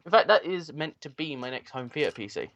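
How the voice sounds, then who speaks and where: A man's voice: on the high side, animated, brisk, gravelly, a bit bright. A man co-hosting a podcast, rambling casually about computer hardware with lots of fillers. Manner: rambling, filler-heavy tech talk. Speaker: podcast co-host. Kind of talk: casual chat. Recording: dull lo-fi dry sound.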